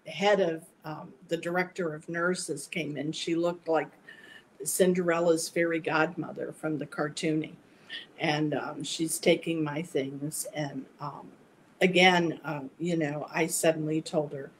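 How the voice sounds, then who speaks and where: A middle-aged woman, a guest psychic, telling a personal story in a casual, meandering way with many halting restarts. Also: lowish voice, a little hiss or hum, low-quality recording.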